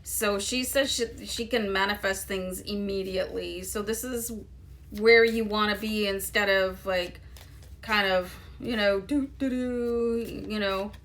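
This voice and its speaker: A woman's voice: medium pitch, fairly even intonation, measured pace, a bit bright, slight background noise. Woman, mid-range voice, easygoing tarot reader talking straight to viewers, loose and chatty. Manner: chatty, loose, lots of "you know" and "um". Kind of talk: casual tarot reading to viewers.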